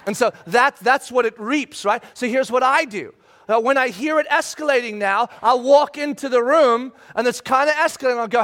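A middle-aged male pastor delivering a sermon with a high, light voice. He talks animatedly, dropping into soft asides and then rising into loud, acted-out shouts. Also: normal speed.

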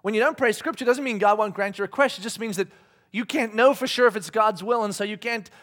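In a casual sermon, a man reads scripture aloud while joking, laughing a lot and slipping into different voices for the congregation. His delivery is quick, pitched high and fairly bright.

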